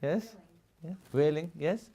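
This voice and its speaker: Slow and warm, with a slightly rough edge, a man with a higher-pitched voice teaches a live religious studies lesson. He explains at length and laughs often, pausing to check in with students through "Yes?" and "Yeah?"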